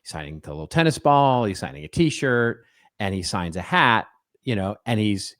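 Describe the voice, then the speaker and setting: A man's voice: lowish voice, animated, normal speed, a bit bright, no echo, studio quality. A middle-aged man co-hosting a podcast in casual banter, telling stories in a chatty, wry way and often restarting his sentences. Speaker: podcast co-host.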